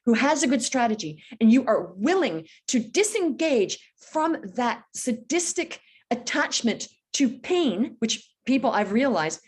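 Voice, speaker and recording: A woman in her fifties, a business coach being interviewed, talking in an energetic, emphatic way and telling stories with feeling. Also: a little high, unhurried, slightly rough. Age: 50s. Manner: energetic, emphatic, animated storytelling. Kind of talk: podcast interview.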